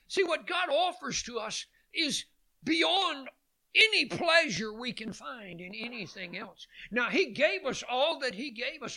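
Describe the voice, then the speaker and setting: A man preaching a sermon, swinging from loud calls to hushed lines and repeating phrases for emphasis. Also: very high-pitched.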